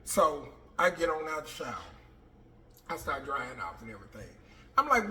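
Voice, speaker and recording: A man casually telling a personal story, animated and profane, acting out what people said. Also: a little high, moderate pace. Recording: roomy, distant mic with faint noise.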